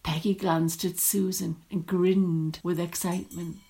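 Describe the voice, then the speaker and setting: A woman reading a story aloud in a measured, descriptive storytelling manner. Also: on the low side, flat delivery, creaky, warm tone.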